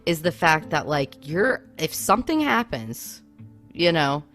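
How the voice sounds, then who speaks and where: A woman's voice: low voice, big pitch swings, measured pace, fairly bright tone, faint music behind. A woman co-hosting a podcast, chatting casually with plenty of "like" and "I mean" fillers. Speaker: podcast co-host. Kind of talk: casual chat.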